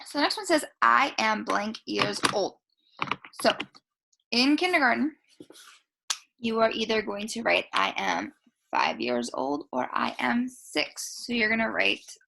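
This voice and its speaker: A woman teaching a remote writing lesson to kindergarteners, speaking slowly in a sing-song, encouraging teacher voice to young children. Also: fairly high pitch, very animated, creaky, sharp tone. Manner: slow, sing-song teacher talk addressed to small children.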